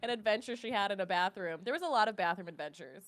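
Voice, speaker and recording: Woman comedian, podcast guest, very lively pitch, casual swearing. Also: fast. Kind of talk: casual chat.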